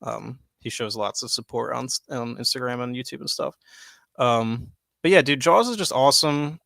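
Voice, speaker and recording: A young man co-hosting a podcast, chatting loosely and excitedly, swearing freely and filling with "like" and "dude". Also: medium pitch, normal speed, vocal fry, no room sound. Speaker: podcast co-host. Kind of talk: casual chat. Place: home studio, live stream.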